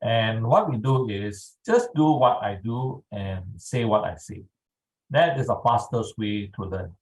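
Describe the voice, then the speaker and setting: A man leading a guided tapping exercise over a video call, speaking calmly and checking in often with his listeners. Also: lowish voice, low-quality recording. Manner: slow, calm instructional pacing with frequent "all right". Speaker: EFT tapping instructor.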